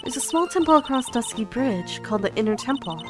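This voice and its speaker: A woman voicing a boastful, bubbly elderly head nun, reading her lines loudly over game music. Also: a little high, animated, fairly quick, pitched above the performer's own voice, close to an everyday voice. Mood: explaining.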